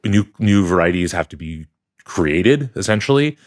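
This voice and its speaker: A man's voice: low-pitched, lively intonation, normal speed. A man co-hosting a podcast from a hotel room, talking in a thoughtful, rambling way with restarts. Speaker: podcast co-host. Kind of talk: casual chat.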